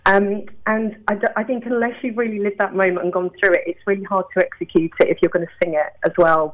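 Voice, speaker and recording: A woman's voice: on the low side, highs cut off. A woman with a borderline Cockney London accent, a singer-songwriter chatting enthusiastically as an interview guest. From southeast London, England. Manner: enthusiastic, chatty, many fillers. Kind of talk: interview conversation.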